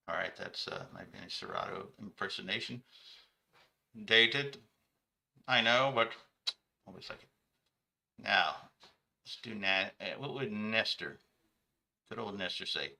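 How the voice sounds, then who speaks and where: A male host runs a comedic sports talk show. He rambles and corrects himself as he goes. His voice is gravelly and forceful. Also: fairly low pitch, measured pace, pauses often. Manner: rambling, self-correcting asides.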